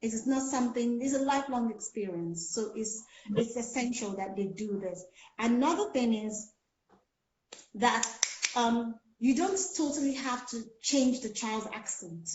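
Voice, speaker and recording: A woman's voice: fairly high pitch, measured pace, a little mellow. Nigerian woman coaching pronunciation. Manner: explaining with many fillers. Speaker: speech coach. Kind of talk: casual chat on a call. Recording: echoey lo-fi call audio.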